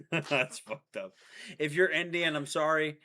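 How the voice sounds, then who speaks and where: A man's voice: a little high, slow, pushed and bright. A young man hosting a casual livestream chat, joking and laughing easily. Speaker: streamer host.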